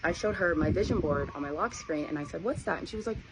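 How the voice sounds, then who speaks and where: Young woman, low voice, casual storytime vlog, animated, acts out quotes, noisy background. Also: fast talker.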